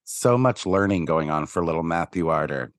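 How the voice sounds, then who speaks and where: Lower-voiced dude on a podcast, dry wry jokes, no room echo. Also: male voice, expressive, normal speed. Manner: wry, mocks accents, swears casually. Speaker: podcast co-host. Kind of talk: casual chat recapping a sitcom episode.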